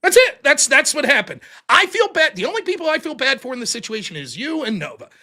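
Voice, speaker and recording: A man with a strikingly high, bright voice talks as a guest on a casual show. He tells his side in a blunt, profane, animated way. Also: fast. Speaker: guest streamer and debater. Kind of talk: casual podcast conversation.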